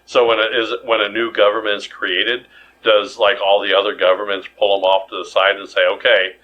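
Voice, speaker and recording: A man's voice: lowish voice, little pitch movement, a little fast, a bit bright, dull audio, slight background noise. A man co-hosting a podcast in casual chat, rambling and jokey with many restarts. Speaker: podcast co-host.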